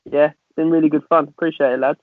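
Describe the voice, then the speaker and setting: A man's voice: a little high, steady tone, fast. A man, a guest actor on a remote call, chatting in a self-deprecating, slightly nervous way. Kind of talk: casual chat. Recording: dry phone-like call audio.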